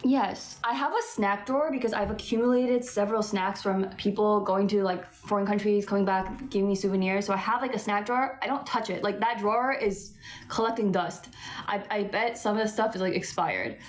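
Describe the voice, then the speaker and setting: A young woman from Vancouver with a West Coast Canadian accent hosts a livestream, casually chatting and answering viewer comments. She speaks briskly in a mid-range voice, laughs often and says "like" a lot.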